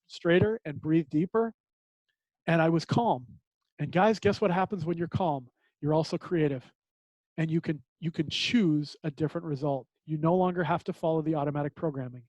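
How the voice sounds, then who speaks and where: A man's voice: fairly high pitch, a little mellow, no room sound, rough recording. Candid, self-deprecating man on a video call. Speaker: support group speaker. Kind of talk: personal storytelling talk.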